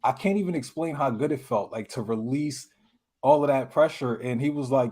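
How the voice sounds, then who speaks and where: A man on a podcast panel at a medium pitch. He tells a personal story candidly in casual slang. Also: normal speed, dark tone, slightly rough. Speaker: panel guest. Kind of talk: casual storytelling in group chat.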